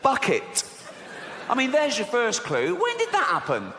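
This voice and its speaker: A man's voice: extremely high pitch, huge pitch swings, a little slow, bright, forceful tone. A middle-aged man doing a sweary, mocking stand-up routine full of rhetorical asides. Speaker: stand-up comedian. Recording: large hall with crowd noise.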